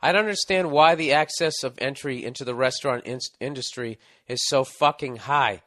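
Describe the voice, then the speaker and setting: A man's voice: medium pitch, brisk, pushed and bright, no echo, studio quality. A middle-aged man hosting a podcast, ranting and telling stories with lots of swearing as he reads a listener's letter. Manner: profane ranting, storytelling. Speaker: podcast host reading listener advice letters. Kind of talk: casual podcast chat.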